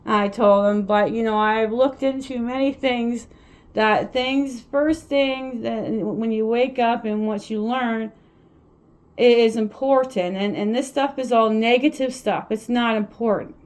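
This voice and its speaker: A woman's voice: a little high, steady tone, a little slow, darkish tone. A woman, a mother, talking at home in a casual vlog, rambling and impassioned, often repeating her words. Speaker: vlogger and mother.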